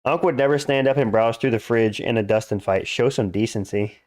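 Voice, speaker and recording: A man's voice: mid-range voice, a little fast, a little mellow, no room sound, clean studio sound. Blunt, joking male streamer. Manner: blunt, joking, crude and dismissive. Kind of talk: casual live-stream chat, reading chat and reacting.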